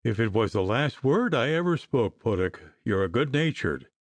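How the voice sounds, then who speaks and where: A man voicing a frightened, blustering gentleman who stumbles over his words. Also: medium pitch, big pitch swings, moderate pace, no room sound. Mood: mournful. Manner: blustering, then faltering and fearful.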